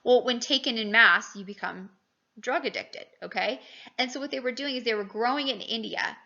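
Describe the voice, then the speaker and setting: A woman history teacher giving a recorded lecture in an animated way, asking rhetorical questions and jumping up in pitch for emphasis. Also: brisk, gravelly, highs cut off.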